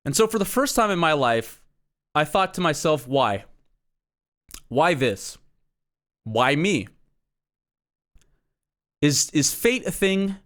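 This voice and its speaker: A man's voice: on the high side, very animated, slow pace, long pauses, fairly bright tone. A young man telling a long, profane, exasperated comic rant with sarcastic asides. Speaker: comedy podcast host. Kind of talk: ranting comic monologue.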